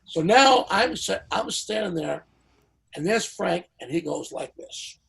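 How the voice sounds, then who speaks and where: An older man, a veteran singer, telling a lively anecdote as a podcast guest and acting out the people in it. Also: sits high, unhurried, creaky, husky, low-quality recording. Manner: lively storyteller who acts out the people in his stories. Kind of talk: animated anecdote in a podcast interview.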